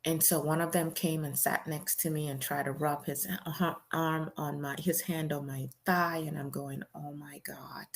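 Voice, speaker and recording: A woman's voice: low voice, steady tone, normal speed, few pauses. A woman hosting a show, reading a memoir aloud in the first person in a plain, conversational storytelling way with casual fillers.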